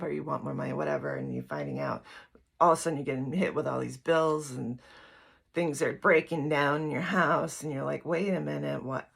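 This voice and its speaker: A woman's voice: sits low, creaky, breathy edge. A middle-aged woman giving a candid, rambling personal talk to her channel's viewers, full of fillers and asides. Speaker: spiritual teacher and YouTuber. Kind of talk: casual personal talk to camera.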